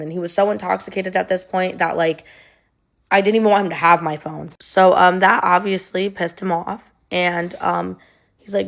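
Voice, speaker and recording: A woman's voice: fairly low pitch, moderate pace, vocal fry. A young woman telling a personal story in a conversational way, with many ums and likes, her voice sounding emotional and near tears.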